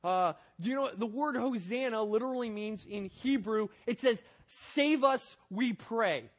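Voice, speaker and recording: Male preacher with a high voice, earnest sermon delivery, urgent then hushed in prayer. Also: a little slow. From Northern Virginia, USA. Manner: earnest, swings from loud urgency to quiet prayer.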